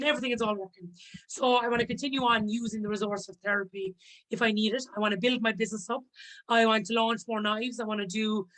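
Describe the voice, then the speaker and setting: Woman, podcast guest, higher-pitched, earnest, casual chat. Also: fairly bright tone, rough recording.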